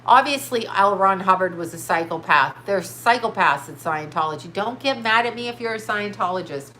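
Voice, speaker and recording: A woman with a bright, sharp voice and a stuffed-up nose rambles through a casual livestream. She is blunt and scattered, reading out viewer comments as she goes. Faint noise hums under her voice. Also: medium pitch, animated, moderate pace. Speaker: psychic livestream host.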